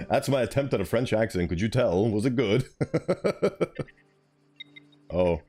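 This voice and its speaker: Brief: young male streamer, animated and rambly, self-deprecating giggles, light background music. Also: lowish voice, measured pace, pauses often. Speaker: VTuber streamer. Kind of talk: casual game-stream chat.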